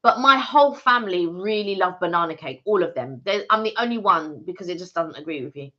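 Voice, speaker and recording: A woman co-hosting a casual live stream, explaining her point earnestly. Her voice is bright and swings widely in pitch. The sound is slightly dull and lo-fi. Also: lively intonation, brisk. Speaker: channel co-host.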